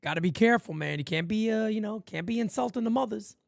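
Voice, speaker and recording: A man from New York hosting a live fan play-by-play stream, blunt and profane, swinging from loud calls to low asides. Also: fast talker, gravelly, dry recording, clean studio sound. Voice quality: profane, blunt street talk.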